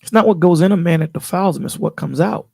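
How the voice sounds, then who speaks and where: A man with a gravelly, husky voice, pitched a little high and dark in tone. He talks in a casual, preachy way and keeps checking in with his listener. The sound is dry and close, like a voice call. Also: quick pace, no echo. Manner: preachy, emphatic, repeats "you know what I'm saying". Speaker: channel host on a panel call. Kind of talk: casual chat.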